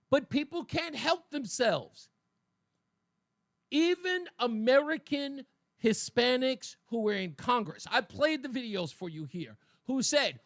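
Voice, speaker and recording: A man's voice: high-pitched, expressive, a little slow, fairly bright tone, no room sound. A man hosting a talk radio show, delivering a colloquial opinion monologue with mocking asides into a studio microphone.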